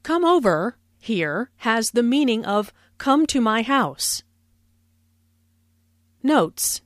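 A woman slowly explaining English phrases in a scripted language lesson. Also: on the high side, big pitch swings, no room sound, clean studio sound. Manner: slow, careful explanation. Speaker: language teacher.

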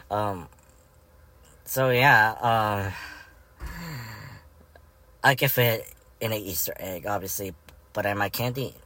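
Male vlogger, out of breath, low bright voice, slow offhand delivery. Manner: breathy, sighing between phrases; joking, offhand. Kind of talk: casual talk to camera.

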